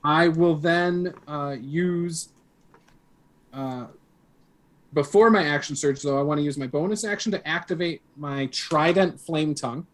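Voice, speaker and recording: He has a voice on the high side and an unhurried delivery. As a player in a streamed tabletop game, he haltingly talks himself through what to do on his turn.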